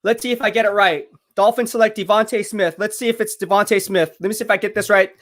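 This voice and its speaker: Hyped high-voiced man streaming live. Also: fairly even intonation, fast talker. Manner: hyped, chatty, shouts out viewers. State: out of breath from curls. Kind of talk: live draft watch party, reading chat.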